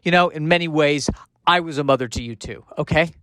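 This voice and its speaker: A man's voice: a little high, brisk, a bit bright, no room sound, studio quality, close to an everyday voice. A man playing a jealous, clingy romantic-comedy heroine who guilt-trips her partner. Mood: hurt, jealous. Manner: hurt, clingy, guilt-tripping. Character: jilted romantic-comedy woman, adult, jealous.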